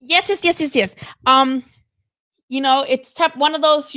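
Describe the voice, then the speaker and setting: With a high, sharp-toned voice and a slightly slow delivery, a boxing show host talks on her live stream. She's casual and animated, cursing freely and leaning on "like" and "you know".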